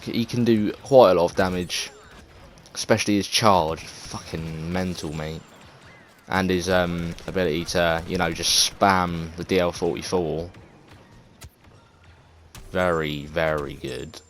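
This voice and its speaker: English guy, very low voice, loose and unscripted game commentary, swears and hesitates a lot. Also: fairly even intonation, unhurried, a little hiss or hum. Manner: rambling, hesitant, lots of fillers and swearing. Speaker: gaming video creator. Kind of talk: casual gameplay commentary.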